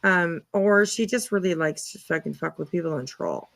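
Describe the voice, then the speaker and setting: Gravelly-voiced woman hosting a livestream. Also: on the low side, moderate pace, fairly bright tone. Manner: chatty, apologetic, reacting to chat comments; swears casually. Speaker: livestream host. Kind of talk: casual livestream chat.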